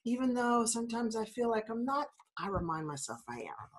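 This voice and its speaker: Her voice is fairly high and sing-song, moving fairly quickly. This podcast host, a New Zealander in her fifties with slight congestion, gives upbeat, encouraging motivation laced with repeated affirmations.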